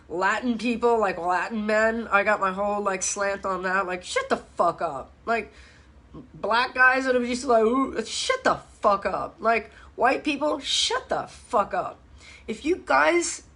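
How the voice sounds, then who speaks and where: A woman's voice: a little high, fairly bright tone. A middle-aged woman from hosts a live-stream chat, talking bluntly, swearing often and ranting with strong feeling. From Miami, USA. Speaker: fitness host.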